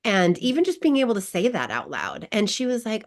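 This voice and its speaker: A woman's voice: medium pitch, big pitch swings, fairly quick. A woman guest coach who tells a personal story in an online wellness class, emotional and laughing often. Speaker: grief recovery guest coach.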